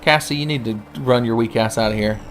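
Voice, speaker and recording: A man's voice: medium pitch, fast talker, a little hiss or hum. A young man giving profane, jokey commentary while playing a strategy game, slipping into silly voices. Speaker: gaming channel host. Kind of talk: let's play commentary.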